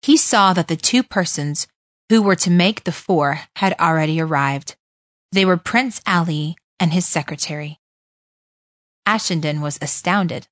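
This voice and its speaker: A woman reading dialogue passages for a language course, expressive and shifting her voice for the different speakers. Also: fairly low pitch, measured pace, no room sound.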